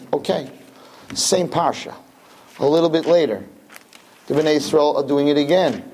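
High-pitched male teacher giving a lively Torah lesson to a roomful of listeners. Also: unhurried, pauses often, breathy edge. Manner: animated, acts out dialogue with big pitch swings; Hebrew verses read then translated. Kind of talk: Torah class lecture to a live audience. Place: room with listeners.

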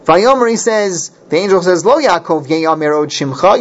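Male Torah teacher, a bit high-pitched, explains verses and backtracks often; muffled lo-fi recording. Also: animated, normal speed. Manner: explains Hebrew verses line by line, with restarts. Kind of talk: Torah class lecture. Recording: dull lo-fi recording.

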